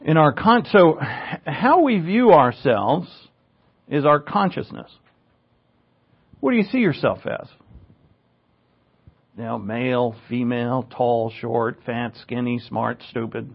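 A man's voice: medium pitch, animated, takes it slowly, creaky, long pauses, breathy edge. A male pastor teaching a verse-by-verse sermon in a conversational way, with asides, self-corrections and emphasis that rises on key words. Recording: dull lo-fi recording.

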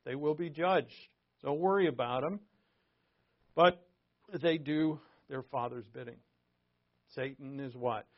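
Man preaching through a dull lo-fi recording. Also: a little high. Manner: reads scripture aloud, then explains it conversationally with asides. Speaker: pastor. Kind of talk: verse-by-verse sermon.

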